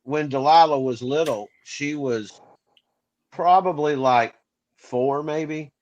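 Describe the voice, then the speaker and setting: A man co-hosting a casual podcast, talking in halting bursts with frequent restarts. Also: a little high, a little mellow. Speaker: podcast co-host. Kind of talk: casual chat. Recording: dull lo-fi sound.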